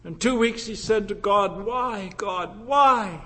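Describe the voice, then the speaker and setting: A male pastor preaching a sermon with passion, swinging from loud declarations to hushed, intimate lines. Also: sits high, slow pace.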